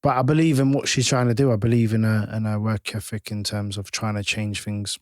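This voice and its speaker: A man, a podcast guest telling stories from his playing days in an animated, halting way full of restarts. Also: fairly low pitch, no room sound, studio quality. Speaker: podcast guest, former footballer. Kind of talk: casual storytelling.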